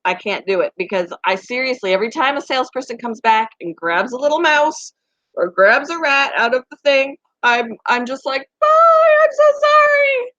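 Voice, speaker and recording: A woman hosting a casual chat with her viewers, talking fast and laughing often. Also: fairly high pitch, a bit bright, no echo. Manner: chatty, laughs often, baby talk to pets. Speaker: pet channel host. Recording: dry, slightly muffled home recording.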